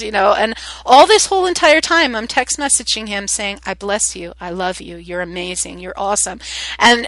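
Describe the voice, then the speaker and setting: A woman's voice: medium pitch, no echo, low-quality recording. A middle-aged woman hosting a spiritual meditation talk, chatting casually and earnestly with many "um"s and "you know"s. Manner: soft, earnest and loving.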